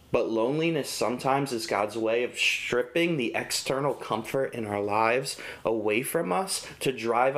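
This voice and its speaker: A man's voice: medium pitch, fairly bright tone. A young man and father preaching a devotional sermon in an earnest, conversational way, with casual fillers. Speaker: pastor.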